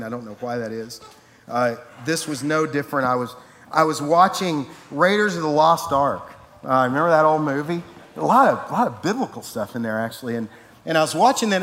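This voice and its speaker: A man's voice: high-pitched, a bit bright, big-room sound, a little hiss or hum. A man preaching to his church, telling a humorous story in a rambling, self-correcting way. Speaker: pastor. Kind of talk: sermon announcements and anecdote. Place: church sanctuary.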